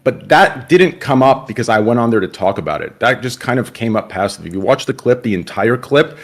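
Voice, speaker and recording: A man's voice: medium pitch, very animated, brisk. A man explaining his view in casual speech, hedging often and checking in with "right". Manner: hedging, full of you know and right. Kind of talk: conversational clip commentary.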